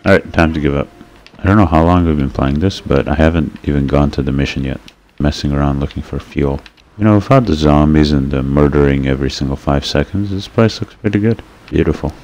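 Very deep-voiced man joking through a game. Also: fairly quick. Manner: sarcastic, self-mocking joking; bursts of excited shouting at the game. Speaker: gameplay commentator. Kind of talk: casual let's-play commentary.

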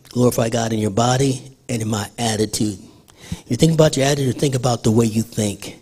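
A man's voice: medium pitch, darkish tone, slightly rough. An older man preaching a sermon in church in a conversational way, asking the congregation questions. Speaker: pastor.

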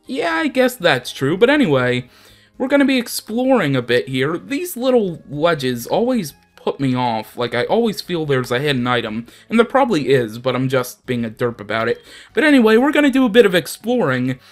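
Young male gaming host, casual and rambling, lively swings in pitch. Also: moderate pace, faint music behind. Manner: chatty, rambling, self-deprecating. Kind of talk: casual let's play commentary.

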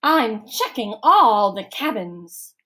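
A stern older camp director barks her questions slowly, each word stretched out. A woman puts her on as she reads a storybook aloud. The voice sits higher and louder than the reader's own. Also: very animated, heavily acted. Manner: slow, loud, demanding.

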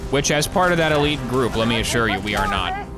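A man giving casual, sarcastic let's play commentary as he plays, with joking asides and sudden excited yelps. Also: medium pitch, quick pace, over music. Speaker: gameplay streamer.

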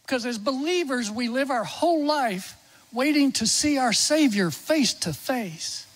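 A middle-aged man preaching in a church, his voice pitched high for a man. He tells a personal story from the pulpit and sinks to near-whispers when he recalls quiet moments at a bedside. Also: animated, unhurried, poor audio. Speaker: chaplain and preacher. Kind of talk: sermon storytelling. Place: church sanctuary.

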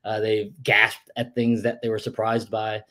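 A playwright in a casual interview, telling stories in an animated way, laughing often and swearing freely. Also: male voice, fairly low pitch, measured pace.

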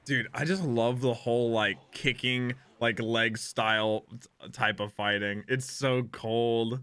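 A young man giving excited running commentary while reacting to an episode, gasping and exclaiming often. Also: mid-range voice, takes it slowly, hardly any pauses. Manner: excitable, frequent gasps and exclamations. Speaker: anime reaction host.

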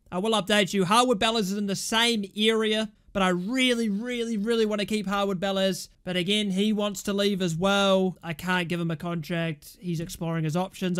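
A young man casually commentating his own football management game, chatting through results and shouting at goals and bad calls. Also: high voice, smooth. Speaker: gaming YouTuber.

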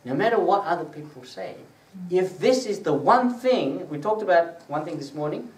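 A man's voice: sits high, lively intonation, moderate pace. A man preaching a teaching sermon to a small group in a conversational way. He quizzes his listeners and lifts his voice when he quotes scripture. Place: prayer gathering room. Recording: echoey room, distant mic, faint hiss.

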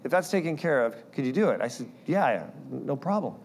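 A man preaching a sermon, telling personal stories in an animated way and acting out the voices of people he quotes. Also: mid-range voice, a little fast. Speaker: guest speaker.

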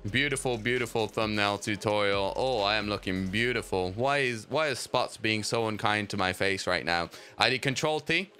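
A young man from England, a gaming YouTuber giving excitable, joking commentary to his chat. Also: fairly low pitch, moderate pace, hardly any pauses, faint music behind. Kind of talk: casual gameplay commentary.

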